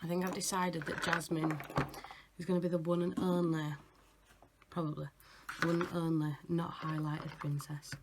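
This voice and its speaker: A woman's voice: fairly low pitch, little pitch movement, normal speed, pauses often, over music. A young woman chatting casually and giggling through a makeup tutorial. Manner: chatty, giggly, self-mocking. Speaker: makeup artist vlogger.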